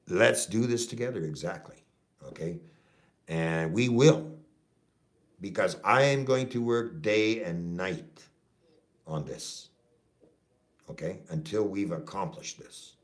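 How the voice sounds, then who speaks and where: Speaking slowly in a low voice with many pauses, a middle-aged Canadian man, a trucker and activist who vlogs, delivers an impassioned rant to his viewers. He's profane and repetitive, constantly saying "okay?"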